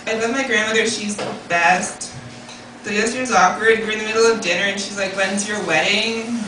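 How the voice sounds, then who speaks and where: A woman hosting a comedy show who delivers deadpan one-liners and introduces the next comic. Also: mid-range voice, fast talker. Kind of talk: stand-up set. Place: comedy club stage. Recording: echoey room from far off, background noise.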